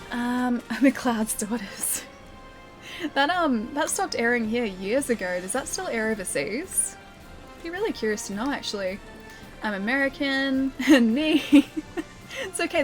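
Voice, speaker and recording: Young Australian woman, game streamer, bright and a little high, chatty, laughs a lot. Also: lively intonation, unhurried, soft background music. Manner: chatty, laughs often, answers chat. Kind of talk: casual live-stream chat.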